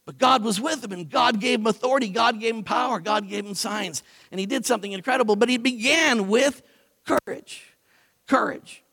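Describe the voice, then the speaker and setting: A preacher with a very high, bright voice delivers an animated sermon. He drops to quiet low asides, then climbs into loud, forceful declarations. Long reverb trails every phrase, as in a large church hall. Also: moderate pace, gravelly.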